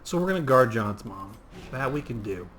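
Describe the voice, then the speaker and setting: A man's voice: medium pitch, lively intonation, moderate pace, noisy background. A man in his thirties giving casual, rambling gameplay commentary on a livestream while chatting with viewers. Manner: rambling and chatty, reading out chat. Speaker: game streamer.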